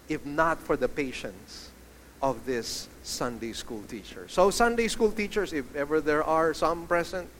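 An animated male pastor delivers a sermon, his voice sitting a little high for a man. He asks the congregation questions as he goes. A faint background hum of the room is heard behind him.

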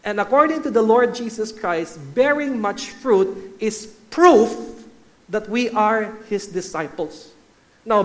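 A man preaching a sermon, emphatic and repetitive, calling out to his listeners as church and guys. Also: high-pitched. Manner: emphatic, repeats key phrases, addresses listeners as guys and church.

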